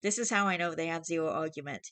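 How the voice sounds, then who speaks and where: A channel host reads online confessions aloud in a casual style, adding irreverent commentary, swearing freely and laughing often. Her middle-pitched voice is fast, bright and forceful. The recording is dry and close, with no room sound.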